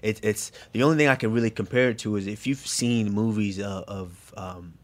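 Low-pitched male fighter guest, halting repeats, soft trailing-off delivery. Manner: halting, repeats words, drops to near-whisper. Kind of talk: casual podcast chat.

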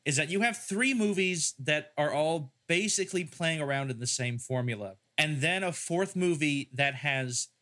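Rambling man with a bright voice. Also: a little high, moderate pace, few pauses. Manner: rambling, with many fillers and restarts. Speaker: podcast host. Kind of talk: casual film-review chat.

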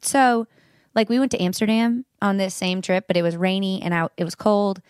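A young woman chatting casually as a guest, animated and playful, often laughing and putting on mock voices. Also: mid-range voice, normal speed, clear, resonant tone, no room sound, clean studio sound. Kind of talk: casual chat.

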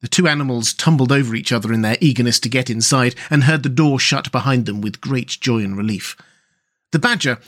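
A male storyteller reading a classic tale aloud, at an average pitch for a man. His delivery is measured and gentle, settling into descriptive passages. He frames the story as the show's host. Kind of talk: scripted narration of a classic story.

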